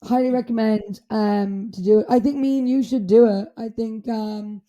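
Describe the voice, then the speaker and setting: A woman's voice: fairly high pitch, moderate pace, highs cut off. A young Irish woman co-hosting a podcast, chatting casually with lots of swearing and filler words. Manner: animated, swears freely, many filler "like"s. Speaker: podcast co-host. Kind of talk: casual chat.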